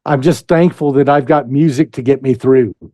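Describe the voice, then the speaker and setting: A man's voice: medium pitch, warm tone, dry recording. An American man speaking as a guest musician in a casual interview, hesitant and full of fillers. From United States. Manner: slow, hesitant, many fillers.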